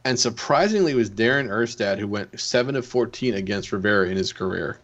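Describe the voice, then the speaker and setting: Man, sports podcast co-host, low voice, relaxed, reads stats, casual. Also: fairly quick, dull audio.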